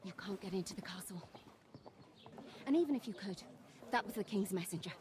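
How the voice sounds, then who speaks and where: An actress playing a sharp-tongued young castle serving woman in a video game, with an accent that is hard to place and a blunt, scolding manner. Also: medium pitch, lively intonation, a little fast, background noise, close to an everyday voice. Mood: matter-of-fact. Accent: shifting, hard to place. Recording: busy tavern crowd behind.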